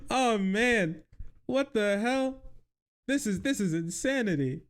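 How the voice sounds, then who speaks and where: A young man streaming his reaction to news clips, mocking them loudly and crudely with bursts of laughter. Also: sing-song, a little slow. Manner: loud, mocking and crude, with frequent laughter and sudden high-pitched outbursts. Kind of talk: livestream reaction commentary.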